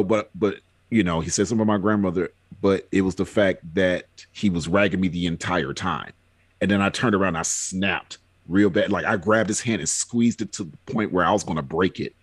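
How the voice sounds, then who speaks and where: A man's voice: low voice, dry recording. A man chatting on a podcast, telling rambling personal stories with frequent fillers. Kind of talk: casual podcast chat.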